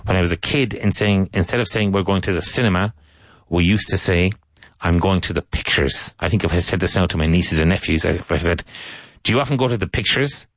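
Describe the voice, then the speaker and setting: A low-pitched Irish man gives an English lesson, repeating each phrase slowly and clearly so learners can follow. His voice is recorded close and dry, with no room sound behind it. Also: no echo. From Ireland. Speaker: English teacher. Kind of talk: language lesson monologue.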